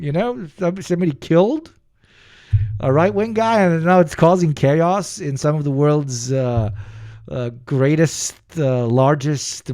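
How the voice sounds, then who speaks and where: A man's voice: on the high side, darkish tone. Rambling, cursing male streamer. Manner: rambling, profane, laughs often, restarts a lot. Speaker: streamer reacting to clips. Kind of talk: casual reaction commentary.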